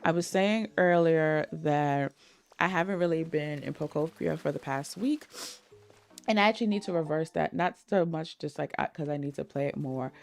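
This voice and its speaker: A woman's voice: low-pitched, creaky, a little mellow. A woman streamer chatting casually with her viewers while playing, laughing often and greeting people in chat. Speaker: game streamer.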